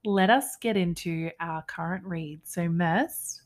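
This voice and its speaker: A woman's voice: lowish voice, slow pace. An Australian woman co-hosting a casual book podcast, chatty and teasing, laughing easily. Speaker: podcast co-host. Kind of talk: casual chat.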